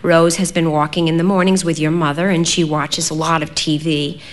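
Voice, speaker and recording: A woman voicing a worried middle-aged father who speaks quietly and haltingly, apologizing as he goes. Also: on the low side, close to an everyday voice. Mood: weary.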